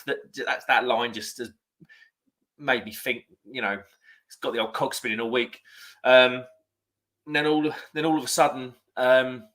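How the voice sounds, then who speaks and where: A man's voice: medium pitch, steady tone, moderate pace, fairly bright tone. A man hosting a live stream, chatting casually and rambling as he reads out viewer comments. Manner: chatty, rambling, self-correcting.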